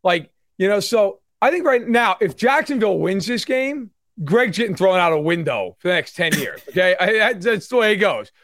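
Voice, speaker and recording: A man in his thirties co-hosting a casual sports talk show, animated and mimicking fans in loud put-on voices. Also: high-pitched, moderate pace, few pauses, no room sound, studio quality. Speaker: sports podcast co-host.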